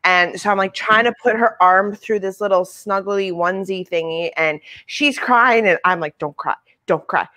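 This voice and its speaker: A young woman from Canada, a guest author and new mother, chatting in an interview and telling lively stories with laughter. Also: medium pitch, normal speed, hardly any pauses. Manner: chatty, laughing, storytelling with voiced quotes. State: new mother, sleep deprived. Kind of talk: casual interview chat.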